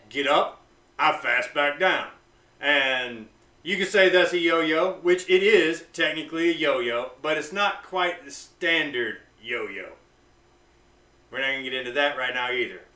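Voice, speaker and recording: Blunt, bright-voiced man in an echoey room. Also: recorded from a distance. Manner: blunt and profane, swings from loud hype to low intensity. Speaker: vlogger on fasting. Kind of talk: casual motivational talk to camera.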